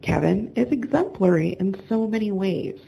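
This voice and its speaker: A woman hosting a show, reading calm, measured scripted narration. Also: mid-range voice, creaky, a little hiss or hum, low-quality recording. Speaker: show host.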